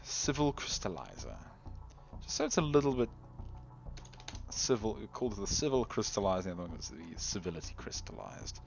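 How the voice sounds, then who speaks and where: A man giving casual gameplay commentary, chatty and giggly, often trailing off into quiet mutters. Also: lowish voice, huge pitch swings, fairly quick, creaky. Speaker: game video host.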